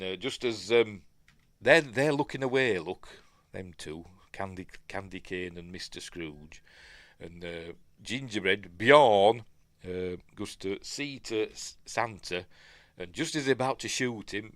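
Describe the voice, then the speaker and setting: A man's voice: fairly low pitch, fairly bright tone, dry recording. A man with a Yorkshire accent casually breaking down a film, rambling and digressing with lots of fillers. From Yorkshire, England. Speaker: film reviewer.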